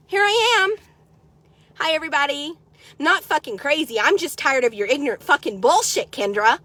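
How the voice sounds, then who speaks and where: A middle-aged woman from the United States, ranting sarcastically in a vlog and swearing constantly, swinging from loud outbursts to low mutters. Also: animated, fairly quick, no room sound. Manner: heavy swearing, sarcastic, combative. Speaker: horse trader vlogger.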